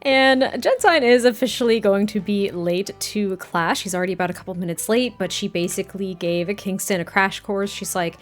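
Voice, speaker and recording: A woman's voice: medium pitch, moderate pace, few pauses. A woman casually narrating her life-sim gameplay, giggly and rambling with lots of fillers. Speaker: life-sim game YouTuber. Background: faint background music.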